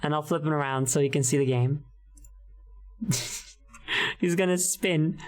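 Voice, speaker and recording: A woman's voice: deep voice, unhurried, a little mellow. A woman streamer in casual live-stream chat, rambling and giggling with many fillers. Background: background music.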